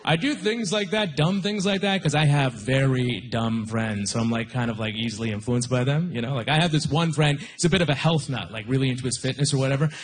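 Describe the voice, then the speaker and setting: A man's voice: medium pitch, brisk, hardly any pauses. A young man from Nova Scotia doing a stand-up comedy set, casual and chatty, often laughing at his own jokes. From Canada, Nova Scotia. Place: comedy stage with live audience.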